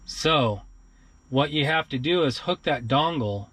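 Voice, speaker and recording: A man's voice: fairly high pitch, expressive, unhurried, a bit bright, slightly rough, no echo. Casual man vlogging a how-to. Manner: informal, addresses viewers directly. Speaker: car stereo how-to vlogger. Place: outdoors near his car, then inside it.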